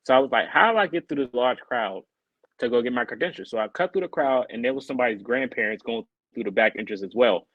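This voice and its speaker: Talking fast in a mid-range voice, a man co-hosting a podcast spins a long story in casual conversation and performs the quoted voices of its characters. There's no room sound, and the audio is narrow and tinny.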